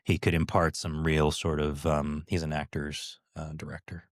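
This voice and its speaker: A man's voice: rumbling low, monotone, normal speed, no room sound, clean studio sound. A middle-aged man co-hosting a podcast, telling stories in a casual chat with many fillers and restarts. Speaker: podcast co-host, former cast member.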